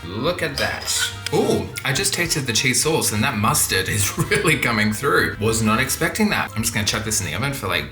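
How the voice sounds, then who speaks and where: A man's voice: mid-range voice, very animated, moderate pace. Chatty man cooking on camera. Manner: chatty and self-deprecating, talks while cooking. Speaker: cooking channel host. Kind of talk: casual cooking vlog narration. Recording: echoey kitchen with background music.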